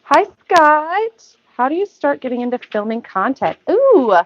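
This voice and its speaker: A woman from Minnesota chats through a casual livestream, her fairly high voice leaping up and down as she gushes. She breaks off into quick excited asides. The phone sound is dull and dry. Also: no room sound. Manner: gushing, easily excited, chatty with asides. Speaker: livestream host. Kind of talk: casual live-stream chat.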